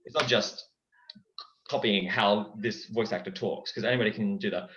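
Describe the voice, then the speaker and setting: A young man chatting casually as a guest in an interview, lively and dropping into character voices. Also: lowish voice, normal speed, a little hiss or hum. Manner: animated, breaks into character voices. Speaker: guest, impressionist. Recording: dull, echoey recording.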